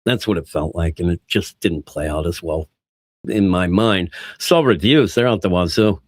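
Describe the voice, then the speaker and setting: A man co-hosting a casual podcast chat, animated and quick to act out quoted lines. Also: low-pitched, no room sound. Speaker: podcast co-host reviewing comics.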